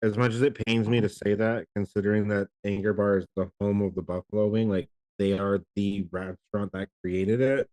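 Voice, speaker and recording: A man's voice: lowish voice, flat delivery, fairly quick, hardly any pauses, darkish tone. Loose, cursing man host. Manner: loose, swears freely, rambling restarts. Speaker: live show host. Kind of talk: casual chat.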